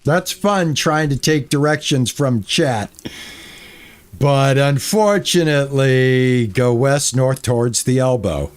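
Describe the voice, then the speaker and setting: A man's voice: medium pitch, slow pace, clean tone. A man streaming a game, chatting with his viewers and easily exasperated as he plays. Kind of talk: casual gameplay commentary.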